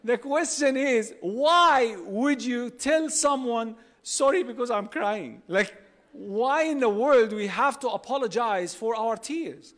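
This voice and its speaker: A man preaching to a live audience in a large convention hall, animated, asking the crowd questions and acting out quotes. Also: extremely high pitch, takes it slowly. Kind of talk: religious talk to a live audience. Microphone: holding a phone and a mic on stage.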